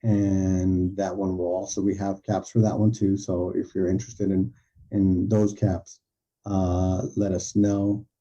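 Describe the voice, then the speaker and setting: A man speaking as a guest on a podcast over a video call, halting and hesitant with many fillers. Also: sits low, flat delivery, mellow, dull audio. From Southern California. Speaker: guest, head of a support nonprofit. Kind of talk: casual interview chat.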